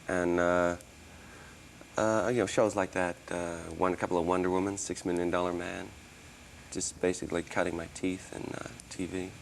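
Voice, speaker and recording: A man's voice: deep voice, flat delivery, moderate pace, vocal fry, a little hiss or hum. A man in his thirties, originally from Australia, with an American accent and traces of Australian, talking casually and rambling with many restarts as an interview guest. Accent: mostly American, traces of Australian. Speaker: interview guest, musician and actor.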